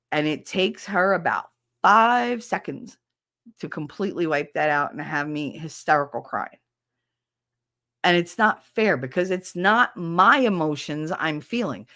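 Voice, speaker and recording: A woman with a low-set voice hosts her podcast in an open, emotional monologue. She talks bluntly, swears without a second thought and keeps circling back to restart her sentences. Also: fairly bright tone. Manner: rambling with frequent restarts. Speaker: podcast host.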